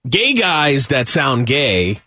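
A man hosting a radio talk show, telling stories in a casual, animated way. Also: medium pitch, slow, no echo. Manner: animated storyteller, does voices and laughs. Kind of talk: casual chat.

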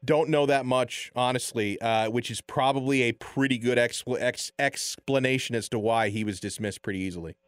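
A man's voice: mid-range voice, moderate pace, hardly any pauses, smooth, no echo. A man hosting a sports talk show, chatting casually with lots of restarts and fillers. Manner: animated, filler-heavy, chuckling. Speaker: sports radio host.

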